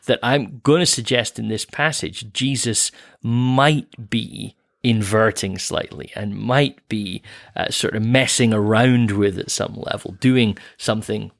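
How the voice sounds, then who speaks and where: A man's voice: on the low side, measured pace, vocal fry, no room sound, clean studio sound. A man co-hosting a Bible podcast, explaining ideas patiently with light chuckles. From Canada. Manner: explanatory, laughs lightly, frequent restarts. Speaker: podcast co-host.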